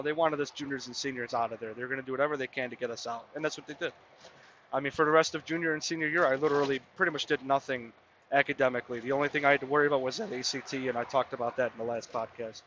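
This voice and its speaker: A man's voice: mid-range voice, bright, forceful tone, dull audio, a little hiss or hum. A man in his mid-twenties hosting a podcast, telling a casual, rambling story full of "I mean" and "you know". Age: mid-20s. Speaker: podcast host.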